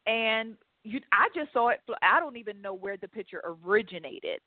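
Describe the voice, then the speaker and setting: A woman's voice: on the high side, lively intonation, normal speed, no echo. A woman hosting a casual interview, chatty and encouraging toward her guest. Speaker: host. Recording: dry tinny phone-quality audio.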